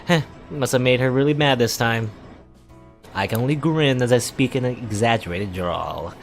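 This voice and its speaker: A man reading a visual novel aloud for a let's play, in a casual way with wry asides and quick self-corrections. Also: mid-range voice, faint music behind.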